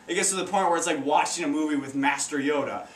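A man's voice: fairly high pitch, fast, crowd noise. A teenage boy doing amateur stand-up comedy, stumbling and restarting his sentences. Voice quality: stumbling, awkward, many restarts. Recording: roomy, distant, faint noise.

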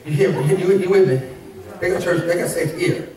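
A man preaching a lively sermon as pastor, shouting, laughing and calling out to the congregation. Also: high voice, normal speed, a crowd in the background. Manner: preaching with call-and-response asides. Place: church sanctuary. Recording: very echoey church hall, mic at a distance.

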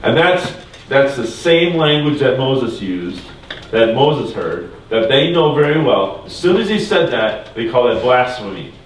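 A man's voice: medium pitch, sing-song, a little slow, a little hiss or hum. A man teaching a Bible lesson to a class in a church room, talking casually and quizzing the group with questions. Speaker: religion teacher. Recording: echoey room from far off.

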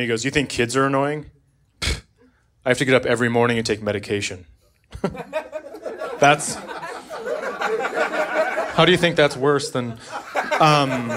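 Stand-up comic, middle-aged man, brash and profane, slightly high voice, club crowd roaring. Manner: brash, profane, mock-exasperated. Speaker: stand-up comedian. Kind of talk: stand-up comedy set. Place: comedy club stage. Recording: live club recording with crowd laughter. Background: audience laughter.

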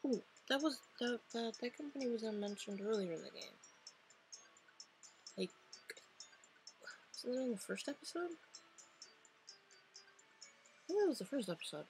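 A woman's voice: on the high side, animated, moderate pace, pauses often, darkish tone, faint music behind, rough recording. A woman playing a visual novel, reading its lines aloud and chatting about them in a rambling, playful way. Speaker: let's play narrator.

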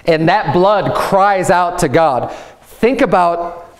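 Man, pastor, high-pitched, fervent sermon, repeats and restarts himself. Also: animated, takes it slowly. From United States. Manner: impassioned preaching, many restarts and repetitions.

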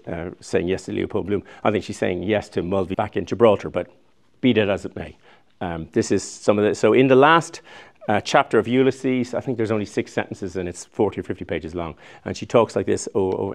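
A man's voice: on the low side, creaky. A man in his sixties giving a chatty, digressive public lecture, often restarting his sentences. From Ireland. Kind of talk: recorded public lecture with slides.

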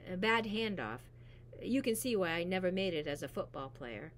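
Woman reading a novel aloud, low voice. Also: lively intonation, moderate pace, a little hiss or hum. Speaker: reader. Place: school library.

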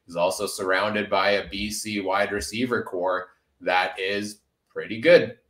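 A man's voice: fairly low pitch, fairly even intonation, a little slow, fairly bright tone, echoey room. A man hosting a casual sports podcast, upbeat and full of filler uhs. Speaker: podcast host.

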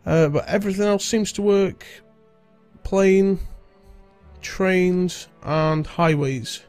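A man's voice: sits high, takes it slowly, darkish tone, smooth, soft background music. Stuffy-nosed man doing game commentary. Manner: chatty, rambling, British-sounding slang. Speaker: gaming video host. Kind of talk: casual let's-play commentary.

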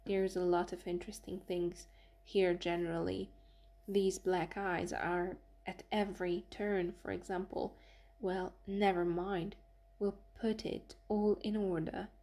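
A woman's voice: fairly low pitch, little pitch movement, a little slow, dark tone. A woman voicing a bald, square-built, short-tempered male office boss who barks at his clerk in contempt. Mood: scolding. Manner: barking, contemptuous.

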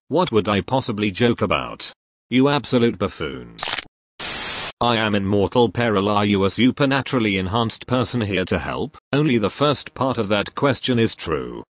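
Deep-voiced man, stiff formal comedy dub. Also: no room sound. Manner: formal, overly wordy delivery. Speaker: voice actor dubbing a comedy sketch parody. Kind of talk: comedic dub of cartoon sketches.

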